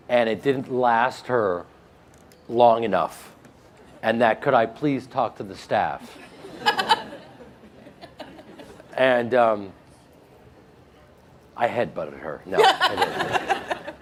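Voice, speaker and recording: A man with a flat Midwestern American accent, answering interview questions in a casual, joking way and laughing often. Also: mid-range voice, a little hiss or hum. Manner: animated, joking, laughs often, with frequent restarts. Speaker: actor being interviewed.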